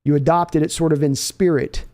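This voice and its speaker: A man hosting a live sports reaction stream, reading chat and answering in an animated way with frequent restarts. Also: fairly high pitch, moderate pace. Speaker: sports channel host.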